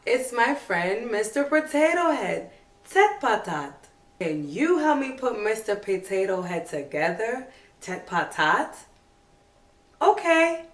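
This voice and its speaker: A woman teaching toddlers as a preschool teacher, slow, sing-song and animated, with coaxing questions. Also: a little high, echoey room, far from the mic.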